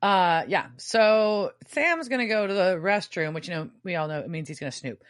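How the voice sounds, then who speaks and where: Woman podcast co-host, low voice that swings widely, casual and profane recap chatter. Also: moderate pace, dry recording, clean studio sound. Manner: animated, swears freely, emphatic outbursts. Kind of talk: casual chat recapping a TV episode.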